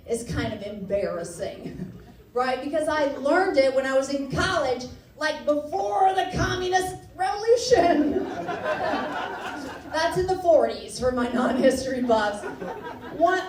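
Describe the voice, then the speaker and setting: A woman from Texas doing a stand-up comedy set, animated and self-mocking, breaking into laughter. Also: high voice. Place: comedy club stage before a laughing audience. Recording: roomy club sound, distant mic, loud crowd.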